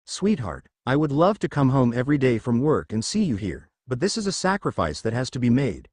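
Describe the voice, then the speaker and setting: A man's voice: mid-range voice, very animated, fairly quick, a little mellow, dry recording, clean studio sound. A man reading aloud and voicing a protective, reluctant father who grumbles. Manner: gruff, reluctant.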